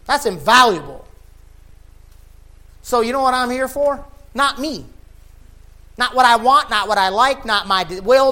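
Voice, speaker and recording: Male pastor, high voice, tired, fervent sermon, loud peaks then hushed stretches. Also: lively intonation, a little slow, pauses often. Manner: fervent preaching, swinging from loud emphatic peaks to low quiet stretches; sweaty and laughing at himself between scripture readings.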